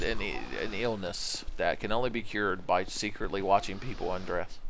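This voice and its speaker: A man's voice: lowish voice, a little hiss or hum. Rambling, profane young male gamer. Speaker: streamer. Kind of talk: casual gameplay commentary.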